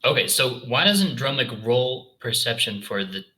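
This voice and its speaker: A man narrating a tabletop game as its game master, with a very bright, forward tone at a middle pitch. He paints scenes deliberately and now and then stops to correct himself. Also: animated, slight background noise, poor audio. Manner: descriptive, measured narration with self-corrections.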